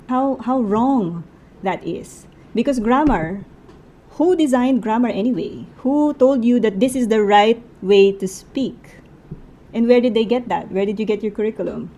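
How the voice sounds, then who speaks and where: A woman's voice: medium pitch, darkish tone, slight background noise, poor audio. A woman with a Filipino accent giving a casual book review, talking it through in a conversational way and asking lots of rhetorical questions.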